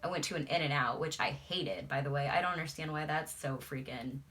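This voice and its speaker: A woman's voice: low-pitched, brisk, fairly bright tone. A young adult woman, a beauty vlogger, chatting casually and swearing freely while doing her makeup.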